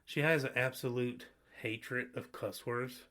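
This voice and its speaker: A man hosting a podcast in casual chat, telling stories in a rambling, animated way with many restarts. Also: mid-range voice, measured pace. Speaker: podcast host.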